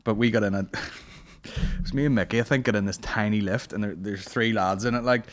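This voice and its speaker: Male podcast host, low-pitched, rambling, profane comic storyteller. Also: fairly even intonation, brisk. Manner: rambling storytelling, swears a lot, laughs often. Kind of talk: casual comedy banter.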